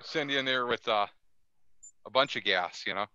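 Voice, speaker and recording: A man's voice: medium pitch, normal speed, bright, forceful tone, clear, resonant tone. A man chatting casually and cracking jokes. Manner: wisecracking. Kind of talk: casual chat. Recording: dull lo-fi audio.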